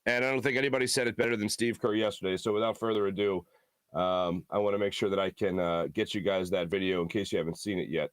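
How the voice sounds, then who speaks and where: A hoarse man with a lowish voice hosts a sports talk show from a studio. He speaks in an earnest, halting, heartfelt way, and the recording sounds dry and close. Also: steady tone, no room sound.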